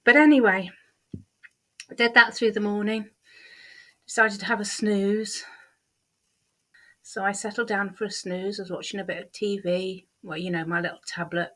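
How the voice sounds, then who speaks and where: A woman's voice: medium pitch, fairly even intonation, moderate pace, pauses often, fairly bright tone. A middle-aged woman vlogger chatting candidly about her week, with a lot of ums and repeated words. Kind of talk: casual diary-style vlog.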